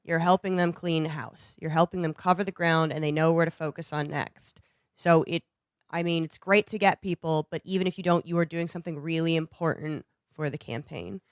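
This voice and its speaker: A woman's voice: sits low, brisk, no room sound, studio quality. A woman co-hosting a podcast, chatting casually and bluntly with crude jokes. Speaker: podcast co-host. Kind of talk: casual chat.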